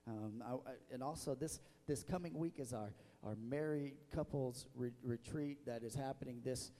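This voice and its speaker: A man preaches from the pulpit, emotional, with frequent restarts and stammers. His voice sits at a middle pitch. It rings out with the long reverb of a church hall. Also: normal speed, warm tone. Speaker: pastor. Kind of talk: sermon. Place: church sanctuary.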